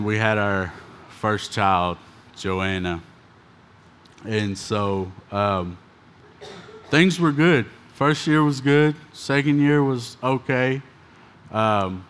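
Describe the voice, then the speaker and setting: A man with a fairly low voice tells his life story to a live crowd, casual and self-mocking, with lots of "uh" and "like." He rambles easily from one thought to the next. There is faint room ambience behind him. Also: a bit bright, slight background noise. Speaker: speaker giving a personal testimony. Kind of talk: storytelling testimony to an audience.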